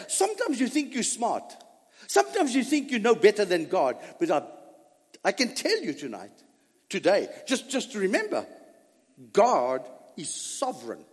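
A man preaching a dramatic first-person sermon monologue, emphatic, full of rhetorical questions and drawn-out words. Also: very high-pitched, breathy edge, in a large hall.

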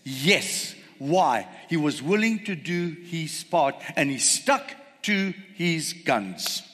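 A man preaching a sermon, emphatic, asking the congregation rhetorical questions and slowing words down for stress. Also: fairly high pitch, very animated, fairly bright tone, long reverb tail.

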